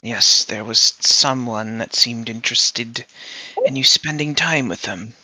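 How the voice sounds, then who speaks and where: A tabletop player speaking calmly and softly in character. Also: medium pitch, unhurried, no room sound, poor audio.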